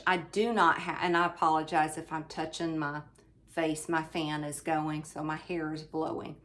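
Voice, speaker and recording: A woman hosting her own craft channel, chatting casually at home as she shows her finished projects, often pausing with ums and speaking to viewers as "you all.". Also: fairly low pitch, fairly bright tone. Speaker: cross-stitch channel host. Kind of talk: casual show-and-tell chat. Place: indoors at home, fan running.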